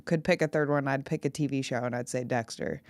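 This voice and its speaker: Podcast host: man, mid-pitched, smooth and dry close-mic sound, easy teasing banter. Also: fast, no room sound. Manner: laughs often, teasing. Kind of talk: casual chat.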